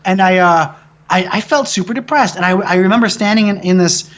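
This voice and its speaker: Profane animated American man telling a story. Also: high-pitched, a little fast, muffled recording. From American Midwest. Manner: profane, animated, rambling with restarts. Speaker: film director being interviewed. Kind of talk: casual storytelling interview.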